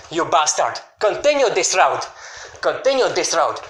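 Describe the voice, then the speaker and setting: A man's voice: on the high side, big pitch swings, normal speed. Furious ranting man in an echoey room. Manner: scolding, repetitive, sometimes shouting. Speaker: YouTuber answering a critic. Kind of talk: angry video rant.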